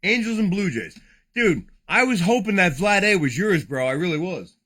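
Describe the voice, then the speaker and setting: A man rambles through a live card-opening stream, cursing freely and getting excited at each pull. His voice sits a bit high and sounds bright, bouncing around with lots of pitch movement. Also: normal speed. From New Jersey.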